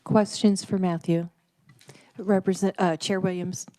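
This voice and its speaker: A woman chairing a committee hearing, brisk and procedural as she recognizes members. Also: medium pitch, fairly even intonation, mellow.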